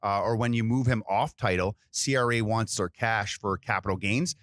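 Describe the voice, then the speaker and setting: A man's voice: fairly low pitch, normal speed, a bit bright, no room sound, studio quality. A man hosting a podcast in a casual, chatty way, full of fillers and restarts. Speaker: podcast host.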